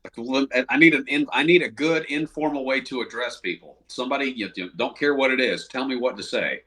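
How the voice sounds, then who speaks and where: A man's voice: mid-range voice, brisk, sharp tone. A man, a paramedic guest chatting casually on a podcast with dry, self-deprecating humor. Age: adult, married.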